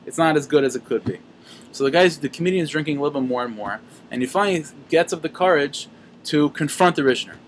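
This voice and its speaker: A man teaching a Torah lesson through an animated story, sprinkled with Yiddish and Hebrew terms and frequent restarts. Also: on the high side, fast, a little hiss or hum.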